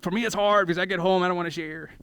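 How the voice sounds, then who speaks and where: A man preaches a sermon with a clear, smooth, high-pitched voice. He is animated and humorous, slipping into quick voices to act out everyday conversations. The sound is close and dry. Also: no echo. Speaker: pastor. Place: church.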